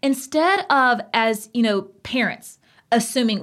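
A woman's voice: fairly high pitch, moderate pace. Passionate woman with a twang. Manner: emphatic, passionate, animated storytelling. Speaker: podcast co-host. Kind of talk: casual podcast chat.

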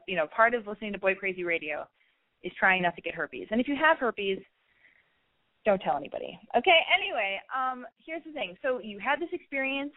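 Woman call-in host, mid pitch, brash comic advice, dry lo-fi sound. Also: dry recording. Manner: brash, joking, acts out scenes.

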